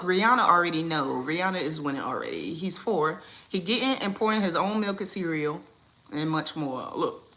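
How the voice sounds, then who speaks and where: A woman hosting a casual livestream from home. She talks in a playful, animated way, turning to her kids and greeting viewers by name. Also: fairly low pitch. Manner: animated, playful, talks to her kids and reads chat names mid-stream. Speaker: livestream host.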